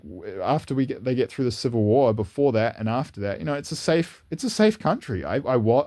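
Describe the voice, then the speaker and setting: A man talking in a casual, unscripted monologue as a channel host, rambling earnestly with frequent restarts and repeated words. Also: a little mellow. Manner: earnest, rising in pitch when enthused. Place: lives in New Zealand, indoors.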